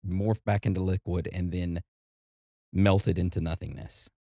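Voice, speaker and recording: A man with a very low, dark voice co-hosts a podcast in casual chat. He sounds laid-back and conversational as he walks through each segment. The sound is dry and close. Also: little pitch movement, a little slow, vocal fry, no echo. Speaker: podcast co-host.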